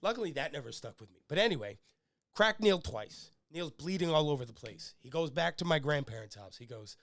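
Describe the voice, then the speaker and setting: A man's voice: fairly high pitch, animated, brisk, fairly bright tone, no room sound. Young male podcast host, rambling crude storyteller, dry close mic. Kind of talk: casual podcast chat.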